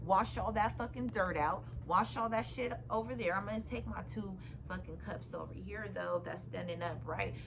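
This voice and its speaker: A woman's voice: medium pitch, normal speed, gravelly, hardly any pauses. Woman reading tarot, swearing, emphatic repeats, frequent laughter, faint background noise. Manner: profane, emphatic, laughs often. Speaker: tarot reader. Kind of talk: casual tarot reading to viewers.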